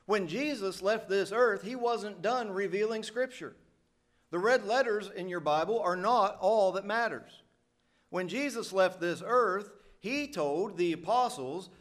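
A man's voice: high voice, a little slow. A middle-aged man from the United States, preaching a sermon in an earnest, emphatic way.

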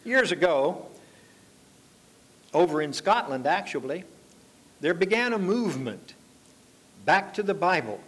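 An older man preaching a sermon, telling stories in an unhurried, folksy way and drawing out his phrases. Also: sits high, fairly bright tone. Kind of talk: sermon with anecdotes.

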